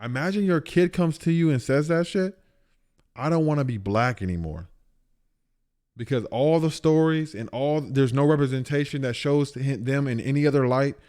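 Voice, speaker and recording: A man's voice: a little high, brisk, hardly any pauses, mellow, clean tone. A man streaming live, reacting to a video with blunt, profane, emphatic casual commentary.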